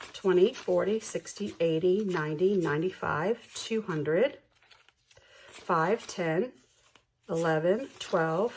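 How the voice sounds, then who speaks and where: A woman hosting a budgeting vlog, slowly counting bills aloud in a soft ASMR style, bubbly and self-deprecating between counts. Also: fairly low pitch, a little hiss or hum. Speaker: budgeting channel host.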